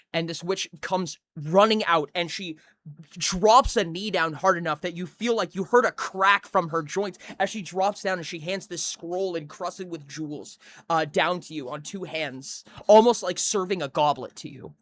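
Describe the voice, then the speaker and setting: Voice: medium pitch, moderate pace, fairly bright tone, no echo. A game master narrating a tabletop game scene by scene, vivid and building detail.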